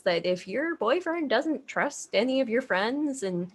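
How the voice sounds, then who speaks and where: Woman podcast co-host, casual storytelling, animated, laughs and swears, very lively pitch. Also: unhurried, husky.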